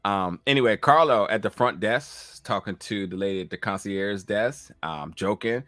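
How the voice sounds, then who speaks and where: A man's voice: lowish voice, moderate pace, no room sound. Chatty Southern-accented man recapping a show. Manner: animated, acts out quotes, frequent fillers. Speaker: podcast co-host reviewing a TV episode. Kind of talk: casual recap chat.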